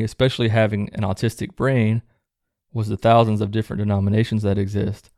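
A host with a low, gravelly voice reads viewer stories and letters aloud in a plain, steady, even tone, adding relaxed, low-key asides between them. The sound is close and dry, with no room echo.

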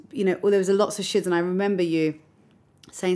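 Lowish-voiced woman, candid and reflective. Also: steady tone, fast talker, dark tone. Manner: reflective and open, close to tears at times. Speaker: guest recounting a hard period. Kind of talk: candid personal storytelling.

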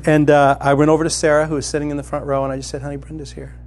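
A middle-aged man preaching a sermon as a pastor, telling a personal story and climbing to loud, excited emphasis. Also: a little high, rapid-fire.

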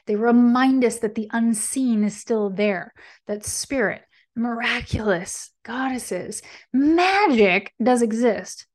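A woman hosting a tarot reading, speaking in an animated, encouraging way and often checking in with her listeners. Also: fairly high pitch, slow. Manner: animated, encouraging, checks in with frequent "right?" and "okay?"; speaks affirmations with conviction. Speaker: tarot reader and podcast host. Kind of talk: casual spiritual guidance talk.

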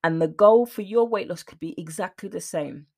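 A woman's voice: fairly low pitch, moderate pace, a little mellow. A woman hosting a podcast as a mindset coach, talking earnestly and emphatically, at times emotional. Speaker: weight loss mindset coach, podcast host. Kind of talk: motivational solo talk.

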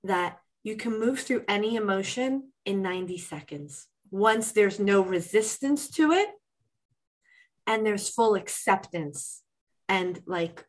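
A woman talking as a guest on a podcast, warm coaching chat that acts out inner voices with lively shifts. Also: medium pitch, slow, poor audio. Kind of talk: casual interview chat.

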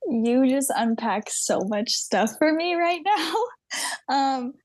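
A woman in her twenties from Southern California, speaking as a podcast guest. She is chatty and candid, with her voice a touch high. The sound is dry and close. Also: lively intonation, slow pace, no echo. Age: 20s. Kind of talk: casual conversation.

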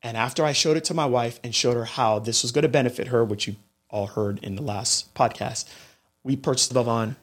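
A man's voice: mid-range voice, fairly quick. A man hosting a podcast, telling a story in a monologue and talking straight to his listeners. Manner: animated storytelling, addresses listeners directly. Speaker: podcast host.

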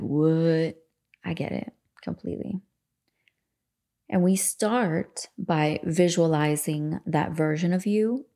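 A woman's voice: on the low side, creaky, dark tone. A woman in her forties hosting a self-help podcast, talking candidly in a rambling, casual way and swearing freely. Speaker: podcast host. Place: home room facing a lake.

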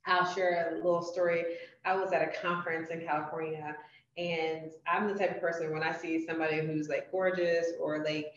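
A woman hosting a podcast, telling stories in an animated, chatty way. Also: low voice, fairly quick. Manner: animated storyteller. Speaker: podcast host. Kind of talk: casual interview chat. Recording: roomy, distant, muffled podcast audio.

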